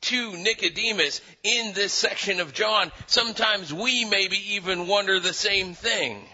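Brief: male preacher, sermon with storytelling, repeats words, very bright tone. Lo-fi. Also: sits high, a little slow. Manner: animated storytelling with voiced quotes, frequent restarts.

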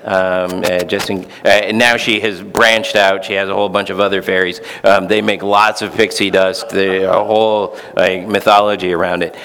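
A man's voice: low voice, level tone, normal speed, hardly any pauses, a bit bright, long reverb tail. A male pastor preaching a sermon in a conversational, storytelling way, with fillers.

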